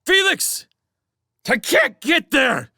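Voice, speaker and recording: A man voicing a desperate male soldier trapped in a collapsing cave, shouting frantically and turning bitter. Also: high voice, huge pitch swings, a little fast, creaky, slightly rough, no echo, studio quality, pitched above the performer's own voice, heavily acted. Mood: frantic.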